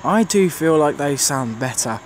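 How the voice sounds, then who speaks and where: Man, fairly high voice, casual trainspotting commentary, reels off unit numbers, outdoor platform with loud traffic noise. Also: animated, moderate pace. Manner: reads out train numbers and services, self-correcting. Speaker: trainspotter vlogger. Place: outdoors on a railway station platform.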